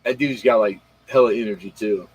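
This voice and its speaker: Husky, rambling late-night male streamer. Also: fairly low pitch, fairly quick, poor audio. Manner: rambling, slangy, talks straight to viewers, retells comedy bits. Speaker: livestream host. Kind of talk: casual late-night livestream chat.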